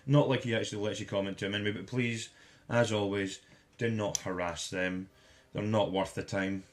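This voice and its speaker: A man's voice: lowish voice, steady tone, moderate pace. A man giving an angry, profanity-laden commentary as a vlogger, hurling insults.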